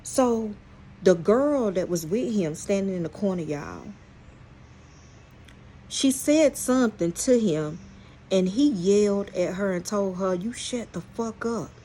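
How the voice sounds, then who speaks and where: A woman's voice: mid-range voice, slow, pauses often, a little hiss or hum. A woman hosting a storytime vlog, telling viewers a story in a blunt, profane way and often speaking straight to them. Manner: animated, exclaims in outrage. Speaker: channel host.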